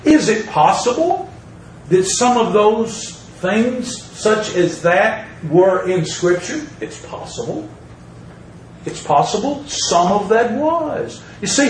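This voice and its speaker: Heard from far off in a roomy space, this high-voiced man delivers a sermon with emphasis, reciting scripture and repeating phrases to drive his points in. The recording is low quality, with a little hiss or hum.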